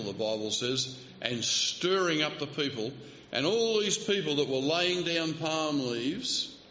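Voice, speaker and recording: A man's voice: on the high side, sharp tone, a little hiss or hum. A male preacher delivering a sermon, telling the story vividly and acting out the quoted speech, with light asides. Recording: roomy hall, slightly dull sound.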